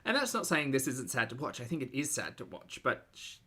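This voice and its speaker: A man talks through a live stream in a loose, blunt way, with plenty of fillers and the odd swear word. His voice is bright and forward, sitting at an ordinary middle pitch. He breaks off now and then to greet viewers and read out their questions. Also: huge pitch swings, brisk, slightly rough. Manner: blunt, swearing, filler-heavy, reads viewer chat aloud. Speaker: commentary streamer. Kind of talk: casual live-stream commentary.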